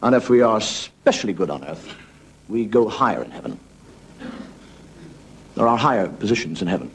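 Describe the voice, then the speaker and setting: A man's voice: lowish voice, big pitch swings, moderate pace, creaky, slight background noise. Wry storytelling comedian man. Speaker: stand-up comedian. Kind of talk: stand-up monologue.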